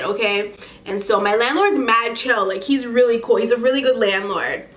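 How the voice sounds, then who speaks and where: An exasperated woman tells a storytime rant, her voice sitting a little high. She keeps firing incredulous rhetorical questions. The room around her is echoey. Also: a bit bright. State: pregnant. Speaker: vlogger.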